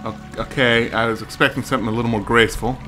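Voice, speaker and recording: Bright-voiced man joking through a game. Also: medium pitch, steady tone, quick pace, soft background music. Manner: wry, joking running commentary. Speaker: let's play gamer. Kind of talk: casual gameplay commentary.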